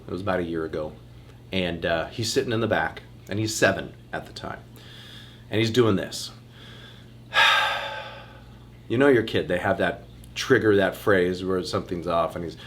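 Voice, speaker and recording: A man's voice: deep voice, a little hiss or hum. Chatty man leading a health workshop. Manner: chatty, addresses listeners as "you guys", animated. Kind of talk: casual online workshop talk.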